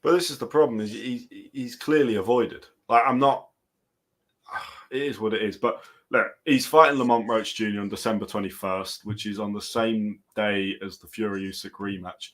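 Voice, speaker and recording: A man's voice: on the low side, fairly even intonation, normal speed, fairly bright tone. A man co-hosting a casual boxing chat show, laid-back and hedging, often trailing off. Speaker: co-host.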